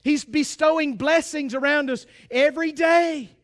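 High-voiced folksy male preacher. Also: moderate pace. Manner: folksy, emphatic, with humor. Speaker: pastor. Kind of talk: sermon.

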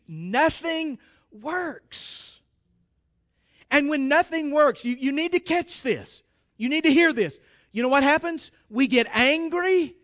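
A man preaching from the pulpit in an unusually high voice for a man. He talks with insistent emphasis, stumbling over and repeating words as he presses each point, and he speaks straight to the congregation. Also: fairly bright tone. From United States. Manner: emphatic, repeats and restarts phrases, addresses the congregation directly. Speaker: pastor. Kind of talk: sermon.

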